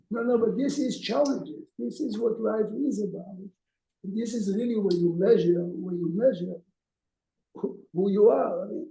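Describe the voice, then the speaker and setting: A man's voice: high voice, gravelly, warm tone. A man teaching a class as a rabbi, telling stories in a conversational way and asking his listeners questions. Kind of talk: informal lecture with storytelling. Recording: echoey room.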